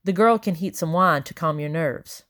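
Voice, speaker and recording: Woman narrator voicing a sly rich gentleman, smug, pointed. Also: deep voice, moderate pace. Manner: fuming then smug. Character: sly, indignant wealthy gentleman.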